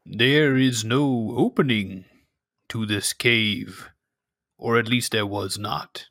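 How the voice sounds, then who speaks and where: A man voicing a solemn male cave villager who speaks slow, halting, broken English. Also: fairly low pitch, fairly bright tone, no room sound, clean studio sound.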